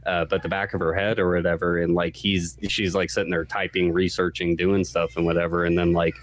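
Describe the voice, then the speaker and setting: A man's voice: sits low, level tone, fairly quick. A male podcast co-host in a casual game discussion, rambling and profane, packed with fillers.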